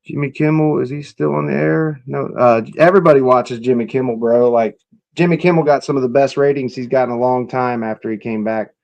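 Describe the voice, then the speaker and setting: A man's voice: medium pitch, steady tone, a little fast, creaky, a little mellow, muffled recording. A man hosting a casual live stream, reacting to clips and chatting with viewers in an offhand, profane way. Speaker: livestream host.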